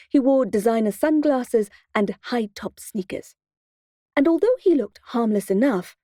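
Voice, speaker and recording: A woman's voice: a little high, mellow, no echo. Wry woman narrating an audiobook. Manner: wry, dry storytelling. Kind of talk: first-person audiobook narration.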